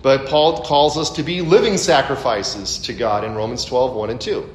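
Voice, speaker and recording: A man preaching a conversational expository sermon, full of asides and rhetorical questions. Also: moderate pace. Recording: echoey room, faint background rumble.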